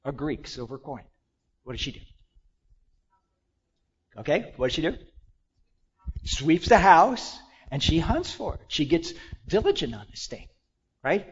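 Man preaching, high-pitched, calls out to the congregation and drops to quiet asides; muffled low-fidelity sound. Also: very animated, a little slow, long pauses, breathy edge. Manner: call-and-response, swings from loud exclamations to hushed asides. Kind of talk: sermon.

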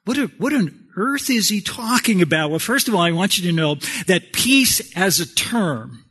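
A man preaching a sermon, swinging from raised exclamations to soft near-whispers. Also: high-pitched, expressive, normal speed, breathy edge. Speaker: pastor.

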